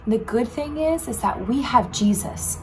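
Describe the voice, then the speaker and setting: A woman's voice: fairly high pitch, moderate pace, slight background noise. A woman teaching a children's sermon, telling a Bible story casually and asking the kids questions. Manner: animated, asks children questions; casual, says "like" often.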